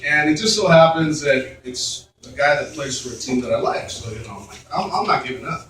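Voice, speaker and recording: With a brisk delivery and a fairly bright mid-range voice, a Mexican-heritage stand-up comedian rambles through a long, profane story heavy on fillers. Laughter rises from the crowd, and the roomy club is recorded from a distance with slight background noise.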